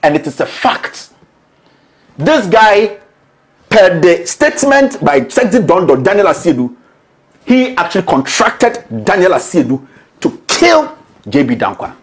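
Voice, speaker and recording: A man's voice: high-pitched, sing-song, unhurried, long pauses. A man with a Ghanaian accent, hosting a political commentary show in a combative, accusatory, emphatic way. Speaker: show host.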